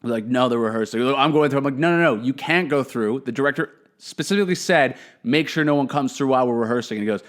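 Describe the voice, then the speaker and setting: A young man telling a casual story as a comedian host, animated and swearing, jumping into quick voices for the people he quotes. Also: medium pitch.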